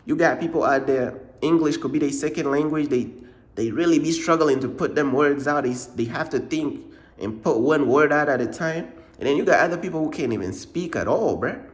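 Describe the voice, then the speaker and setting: A man talks straight to his listeners in a relaxed, slangy way and encourages them in their faith. His voice sits fairly high. He keeps circling back to the same points and leans on "bruh" and "bro" as he presses each one home. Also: fairly quick. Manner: repetitive, informal slang, says "bruh" a lot. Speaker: ministry channel host. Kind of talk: casual motivational faith talk.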